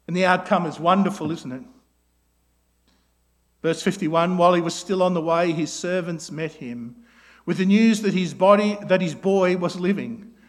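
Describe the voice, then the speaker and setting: A man preaching a sermon, asking his listeners rhetorical questions and often ending his points with tag questions like "isn't it?", then dropping to a soft, slow voice when he quotes a prayer. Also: sits high.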